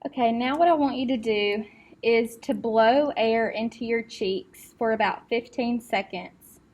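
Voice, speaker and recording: A woman acting as speech clinician, giving calm step-by-step test instructions with occasional fillers. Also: fairly high pitch, measured pace.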